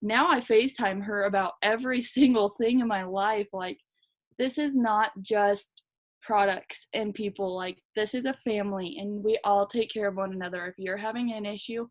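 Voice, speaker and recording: A young woman team leader giving a fast, chatty, energetic motivational talk to her team. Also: mid-range voice. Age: young adult. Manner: fast, chatty, energetic, lots of "like" and "you guys". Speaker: direct sales team leader.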